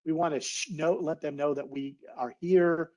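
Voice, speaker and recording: A man's voice: a little high, fairly even intonation, normal speed, a little mellow, rough recording. Earnest man speaking in a webinar. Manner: earnest, heartfelt, a little emotional. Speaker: guest speaker, naturalist biologist. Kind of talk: webinar talk.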